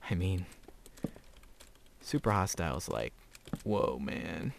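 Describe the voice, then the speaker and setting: A man's voice: sits low, very animated, takes it slowly, gravelly, a little hiss or hum. Rambling teenage boy narrating gameplay. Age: teens. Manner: rambling, chatty, laughs often between thoughts. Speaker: gamer. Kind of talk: casual gameplay commentary.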